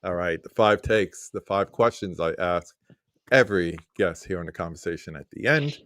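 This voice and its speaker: A deep-voiced man hosts the conversation in a relaxed, joking way. His voice sounds dry and close, with little room sound. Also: moderate pace, dry recording. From New York. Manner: relaxed, jokey questioner. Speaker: podcast host. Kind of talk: casual interview chat.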